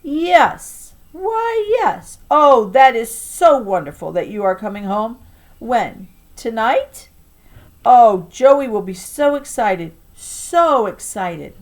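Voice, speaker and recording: A woman voicing a harsh, taunting old grandmother in a storybook read-aloud, with a loud, sing-song scolding delivery. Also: on the high side, expressive, unhurried. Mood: gushing.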